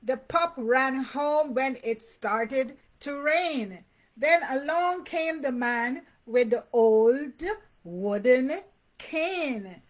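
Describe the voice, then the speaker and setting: A woman with a high, bright voice reads a rhyming picture book to very young children at an unhurried pace. She sing-songs the sound words and keeps pausing to ask the child what they see. She also talks warmly and directly to the parents. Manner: pauses to ask the young listener questions about the pictures; sing-song reading of rhymes and sound words.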